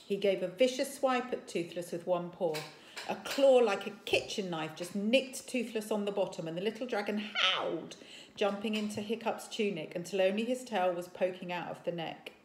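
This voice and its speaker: A woman teacher reading a story aloud to children, animated, and stopping to ask questions. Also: medium pitch, moderate pace, slight background noise. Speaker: primary school teacher. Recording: echoey room.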